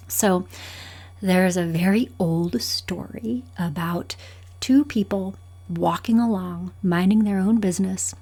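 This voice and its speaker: A woman's voice: medium pitch, vocal fry, a little mellow, husky. A woman therapist hosting her own show, talking through advice in a thoughtful, explaining way with many fillers. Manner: thoughtful, with fillers, acts out quotes animatedly. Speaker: therapist host. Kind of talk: advice talk to camera.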